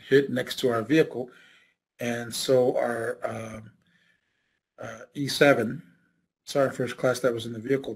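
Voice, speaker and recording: Man, veteran telling his own story, husky mid-pitched voice, halting delivery with fillers. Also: low-quality recording. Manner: halting, many fillers and restarts. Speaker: veteran recounting service. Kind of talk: oral history interview.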